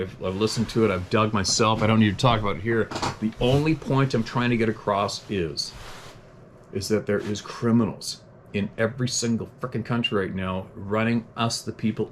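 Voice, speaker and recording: A man with a fairly low voice hosts an unscripted podcast, ranting bluntly and cursing freely. Between his tirades he chuckles at himself and reads out listener letters, with a faint hum of ambience behind him. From Canada. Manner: blunt, profane, heated ranting; self-deprecating chuckles.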